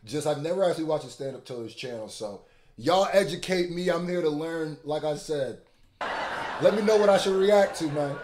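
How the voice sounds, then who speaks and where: A man, a rapper hosting a reaction channel, giving casual, animated, hyped commentary. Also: fairly high pitch, moderate pace, background noise. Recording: echoey room.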